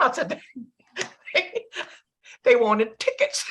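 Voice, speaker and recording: A woman's voice: a little high, sing-song, slow pace, pauses often, pushed and bright. A middle-aged woman with a Southern US accent, telling a story in casual chat and acting out the dialogue. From American South. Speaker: channel host.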